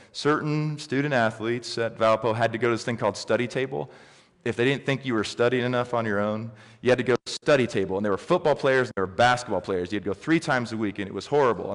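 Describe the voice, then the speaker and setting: A middle-aged male pastor delivers a sermon as an animated storyteller, his voice swinging up and down as he builds a point. His pitch sits in an ordinary middle range for a man. Long reverb from a large hall trails behind his words. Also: fairly quick.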